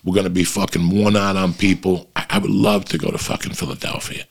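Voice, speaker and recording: A man's voice: low-pitched, brisk, vocal fry. A middle-aged man hosting a podcast, telling long profane rambling stories to his listeners. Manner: profane, rambling, animated anecdotes. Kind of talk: casual rambling storytelling.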